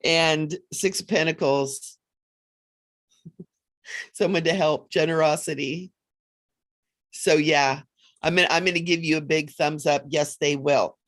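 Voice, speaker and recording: A woman hosting a casual psychic livestream, chatty and animated, often laughing as she reads cards. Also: low-pitched, measured pace, long pauses. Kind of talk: casual livestream chat with card readings.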